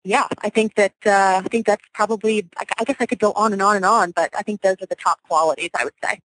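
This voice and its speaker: A self-assured woman in her forties, originally from Louisiana, speaks as a radio guest at a middle pitch. Her talk is energetic, coming in quick bursts with some restarts, and the recording is close and dry, with no room sound. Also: no room sound, rough recording. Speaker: guest, real estate broker. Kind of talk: radio interview.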